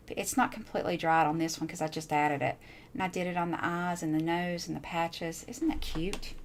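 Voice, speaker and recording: A crafting channel host chats casually in a fairly low-pitched voice with a little hiss or hum in the background. She shows off her handmade crafts in a relaxed show-and-tell, gushing and repeating herself.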